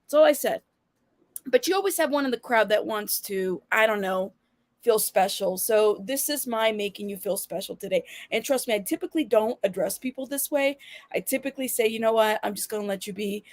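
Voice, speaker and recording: A woman with a higher-pitched voice hosts her own channel, speaking a little fast with no echo. In casual commentary she talks straight to her viewers, blunt and full of sass.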